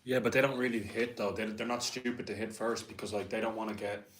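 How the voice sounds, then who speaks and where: A man's voice: fairly low pitch, fairly even intonation, quick pace, fairly bright tone. A man chatting casually on his livestream, laid-back and laughing, tacking "bro" onto most of his sentences. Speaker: livestream host.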